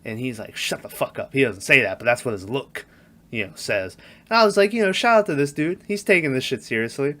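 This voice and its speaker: A man's voice: mid-range voice, brisk. A man co-hosting a casual movie podcast, retelling scenes and acting out quotes. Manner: animated, acts out quotes in raised voices. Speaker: podcast co-host.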